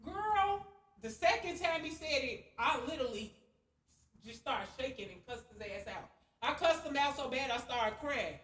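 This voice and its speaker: A woman's voice: high-pitched, expressive, normal speed, a bit bright. A young woman, telling a heated story in a blunt, profane, casual rant. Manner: blunt, heavy cursing, heated. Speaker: spiritual vlogger. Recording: echoey room, far from the mic, faint hiss.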